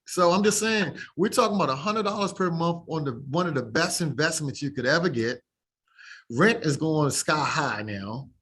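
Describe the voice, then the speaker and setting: A man's voice: mid-range voice, a bit bright, slightly rough. A man who works as a mortgage lender, talking casually and plainly to real estate agents, now and then laughing. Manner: chatty, laughing, plain-spoken.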